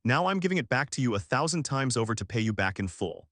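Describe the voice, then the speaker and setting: A man's voice: medium pitch, big pitch swings, fast, fairly bright tone, no room sound, clean studio sound. A man voicing a proud, bitter young woman in a narrated story.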